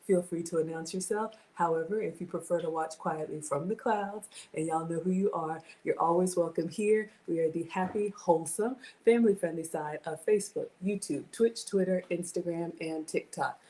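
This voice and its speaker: A woman's voice: fairly low pitch, moderate pace, few pauses, warm tone. A woman in her forties hosting a casual home cooking livestream from her kitchen, chatty and greeting viewers by name.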